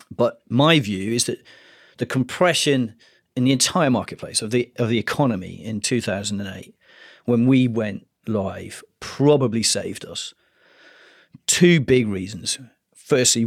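A man, a photographer guest on a podcast, telling stories in a dramatic, animated way. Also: medium pitch, no echo, studio quality. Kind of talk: podcast interview storytelling.

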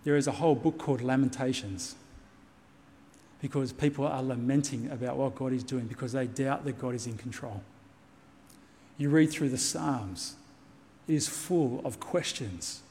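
A man's voice: mid-range voice, normal speed, darkish tone, big-room sound. A man preaching a sermon as pastor, earnest and reassuring, repeating key points for emphasis. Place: church.

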